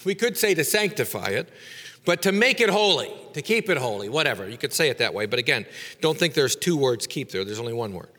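A man's voice: medium pitch, sing-song, brisk, bright, forceful tone, big-room sound. A man teaching a lecture on scripture, explaining step by step with fillers and rhetorical questions. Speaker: Bible teacher.

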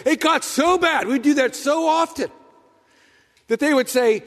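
A man preaching a sermon, telling stories with lively asides and acting out the voices of the people he quotes. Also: extremely high pitch, normal speed, big-room sound. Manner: animated storyteller, acts out quoted voices. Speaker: pastor.

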